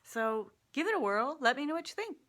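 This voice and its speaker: A woman with a bright, clear voice talks straight to her viewers. She tells a story in a casual, lively way and laughs often. Her tone is friendly and open, like a personal vlog. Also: high-pitched, fairly quick. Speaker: vlogger sharing personal insights. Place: Seattle.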